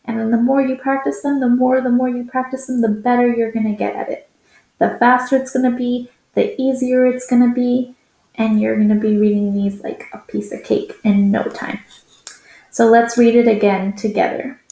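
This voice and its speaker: A woman's voice: on the high side, level tone, moderate pace, gravelly, warm tone, reverberant, rough recording. A woman teacher recording a reading lesson for young children, patiently sounding out words.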